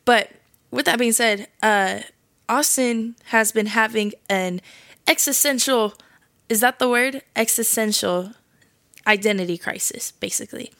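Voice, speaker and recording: A woman's voice: a little high, moderate pace, fairly bright tone, no echo, clean studio sound. A young woman hosting a casual faith podcast, chatty and slangy, laughing often as she tells a story. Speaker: podcast host.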